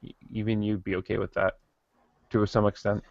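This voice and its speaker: A man with a low, gravelly voice co-hosts a podcast, halting and repeating himself as he goes. The sound is dull lo-fi and dry. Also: flat delivery, no room sound. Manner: halting, repeats words, mumbles. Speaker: podcast co-host. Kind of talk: casual chat.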